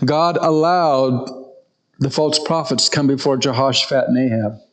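A man preaching a conversational sermon, retelling a story in a relaxed way and often restarting his sentences. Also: mid-range voice, moderate pace, rough recording.

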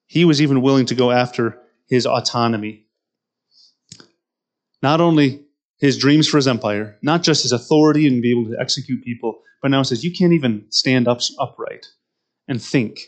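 A man preaching a sermon who reads scripture aloud and then explains it directly to his listeners, often repeating words as he goes. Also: mid-range voice. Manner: repeats words and restarts mid-phrase.

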